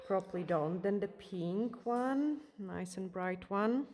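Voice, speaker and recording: A woman's voice: mid-range voice, slow pace, a little mellow. A woman, a nail technician, casually talking through a nail tutorial step by step as she works. She is losing her voice, and Polish is her first language. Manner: chatty, explains steps as she works. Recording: background noise from a hair dryer.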